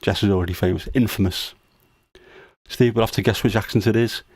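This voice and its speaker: Man, middle-aged, low voice, dry close sound, livestream host, teasing dad jokes. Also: steady tone, brisk, a little mellow, breathy edge, dry recording. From United Kingdom. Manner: teasing, jokey dad humor. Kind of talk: casual livestream chat.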